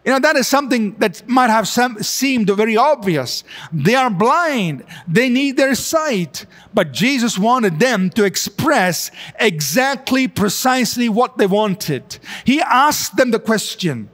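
A man with a high voice preaches a sermon from a church sanctuary. He stretches his phrases slowly and lifts them for emphasis. The sound carries the long reverb of a large hall. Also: animated, a bit bright. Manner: slow, drawn-out preaching with emphatic rises. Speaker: pastor. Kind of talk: sermon with altar call prayer.

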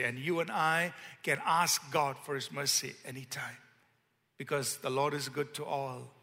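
A man's voice: on the high side, sharp tone. Emphatic male preacher in a reverberant hall. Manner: emphatic, slows to stress key words; leads congregation in call-and-response. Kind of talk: sermon.

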